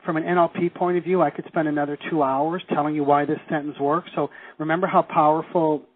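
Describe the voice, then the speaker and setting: Husky man coaching over a phone line. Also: on the high side, level tone. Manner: enthusiastic, slows to stress key phrases. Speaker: seminar leader. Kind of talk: teleseminar coaching.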